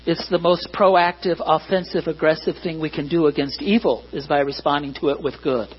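Husky-voiced man preaching a sermon. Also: fairly high pitch, fairly quick. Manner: earnest preaching with sudden emphatic rises and quiet asides. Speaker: pastor. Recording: dull lo-fi recording with mains hum.

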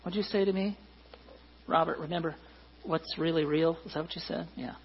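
A middle-aged pastor preaching in a church hall, conversational and joking with the congregation. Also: male voice, a little high, steady tone, normal speed, muffled recording. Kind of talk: sermon.

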